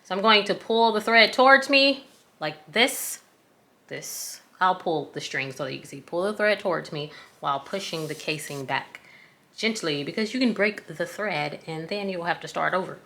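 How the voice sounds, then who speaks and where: A woman from the American South with a lowish, expressive voice speaks at normal speed, with vocal fry and a sharp tone. As a craft tutorial host, she chats casually in her Southern accent while walking viewers through a sewing tutorial, folksy and self-deprecating.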